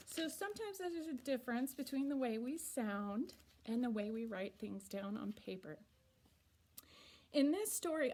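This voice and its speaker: Woman teacher, kids' reading lesson, unhurried and clear, slightly high voice. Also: expressive, a little mellow. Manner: slow, patient, deliberately sounds words out. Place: school or classroom.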